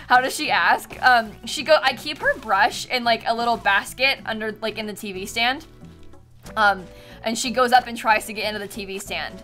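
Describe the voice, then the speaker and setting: Her voice is on the high side, pushed and bright, at a moderate pace. This young woman is streaming a game with music behind her, chatty and giggly with her viewers in casual live-stream banter, and she speaks to her cat in a sing-song way.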